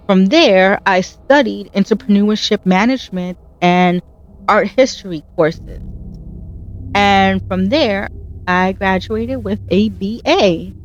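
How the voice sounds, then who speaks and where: An earnest woman chats through her gameplay in a heartfelt, encouraging way, her voice sitting at an ordinary middle pitch. She tells her stories with animation, and the recording has a slightly dull, lo-fi sound. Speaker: gaming channel host. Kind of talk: casual gameplay commentary.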